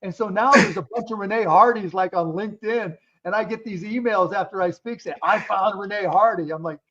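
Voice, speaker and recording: A candid man in his fifties answers interview questions with frank, profanity-laced stories. His voice sits notably high for a man. The recording is dull and lo-fi. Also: a little fast, a bit bright. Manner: blunt, candid, swears freely. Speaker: guest entrepreneur. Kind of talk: casual interview storytelling. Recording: dull lo-fi sound.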